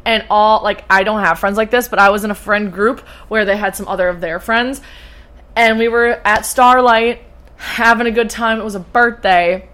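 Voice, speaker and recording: A woman's voice: mid-range voice, steady tone, moderate pace, a bit bright. A young woman co-hosting a podcast, talking casually in a rambling, loose way with some swearing. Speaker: podcast co-host. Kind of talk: casual chat.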